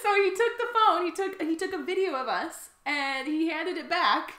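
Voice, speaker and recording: A woman's voice: extremely high pitch, normal speed, pushed and bright, roomy sound. A woman co-hosting a podcast, chatting casually and laughing often as she tells stories. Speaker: podcast co-host. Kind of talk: casual chat.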